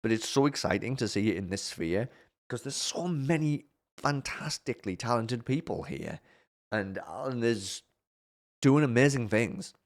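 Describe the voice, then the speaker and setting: A man's voice: mid-range voice, expressive, moderate pace. Rambling, gushing man hosting a channel. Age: adult parent of a twelve-year-old. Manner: rambling, gushing, lots of restarts. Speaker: object show reviewer and host. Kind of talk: casual enthusiastic chat.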